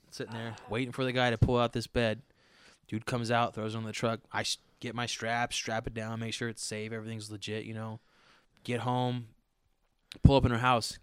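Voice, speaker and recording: A man telling stories in casual podcast chat, profane and animated, acting out what people said. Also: mid-range voice, clear, resonant tone, no room sound. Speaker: podcast co-host.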